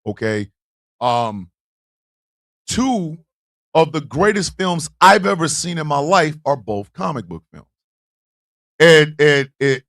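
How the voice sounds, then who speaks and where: A man hosts a livestream with a high, bright voice that swings widely in pitch. His talk is loud, profane banter with his chat, and he laughs often. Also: big pitch swings, slow, long pauses. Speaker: livestream show host.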